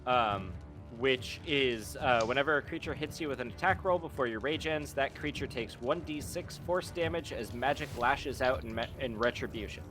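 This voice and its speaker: A man playing a tabletop game, calmly explaining his character's abilities and actions. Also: medium pitch, normal speed, over music. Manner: laid-back, explains rules at length. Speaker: player.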